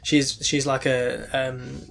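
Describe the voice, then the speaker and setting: A man co-hosting a podcast, talking in a loose, halting way full of ums and restarts. His voice sits at an ordinary pitch, and faint music plays underneath. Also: level tone, vocal fry, fairly bright tone. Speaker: podcast co-host. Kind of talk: casual chat.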